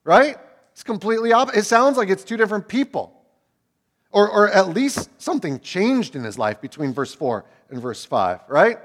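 A man in his thirties preaching a sermon as a pastor, swinging from loud emphatic peaks to hushed low asides. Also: sing-song, moderate pace.

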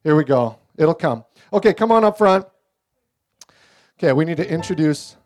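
Joking middle-aged pastor, slightly high voice. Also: male voice, normal speed. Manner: relaxed, joking storyteller. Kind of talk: casual sermon to a congregation with children. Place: church service.

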